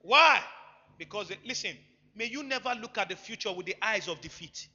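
A man preaching a sermon, emphatic, swinging between loud bursts and quiet asides. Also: sits high, expressive, moderate pace. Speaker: pastor. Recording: echoey hall, dull lo-fi sound, faint music.

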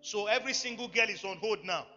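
A man preaching a sermon, emphatic, swinging between loud bursts and quiet asides. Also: high voice, fast. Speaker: pastor. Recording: echoey hall, dull lo-fi sound, faint music.

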